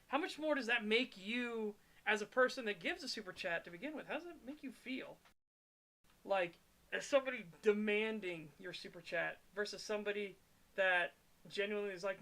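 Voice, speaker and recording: A man co-hosting a casual podcast chat, animated and swearing, reading chat messages aloud. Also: high-pitched, moderate pace, creaky. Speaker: podcast co-host reading super chats.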